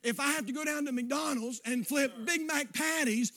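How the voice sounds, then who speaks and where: A preacher man with a very high, bright voice. He preaches in a folksy way, sliding from hushed asides up to shouted appeals. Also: normal speed. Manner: folksy, swings between quiet asides and shouting. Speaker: pastor. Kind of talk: sermon.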